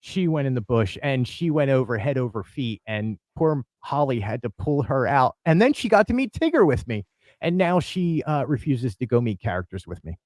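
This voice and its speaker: A man hosting a casual fan podcast, telling animated stories and acting out quoted lines with big swings of pitch. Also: normal speed, dry recording. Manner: excitable, acts out quotes with big jumps in pitch. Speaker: podcast host. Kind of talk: animated storytelling chat.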